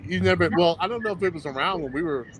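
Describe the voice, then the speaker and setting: A man's voice: fairly high pitch, quick pace, over a noisy crowd, low-quality recording. A man, a former professional football player, telling stories in a casual interview, acting out the voices of people he quotes and laughing often.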